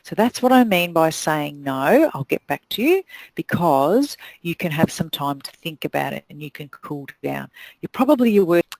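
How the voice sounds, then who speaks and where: A woman's voice: low voice, big pitch swings, normal speed, creaky, a little mellow, dry recording, low-quality recording. A middle-aged woman with a New Zealand accent, giving a blunt, direct motivational talk to salon owners and hairdressers. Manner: blunt, direct, acts out quoted voices. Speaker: salon business coach.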